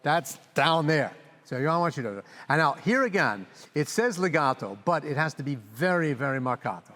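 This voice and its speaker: A man's voice: on the high side, normal speed. Older man coaching in a reverberant hall. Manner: animated, sings phrases aloud. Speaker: conductor coaching a brass player. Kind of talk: master class coaching.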